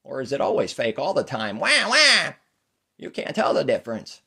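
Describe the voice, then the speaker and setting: A man's voice: mid-range voice, very animated, a little fast, gravelly, husky, voice pushed up, full character voice. A man voicing a boastful, bawling baby who calls himself God, wailing shrilly and scornfully. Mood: mocking wails.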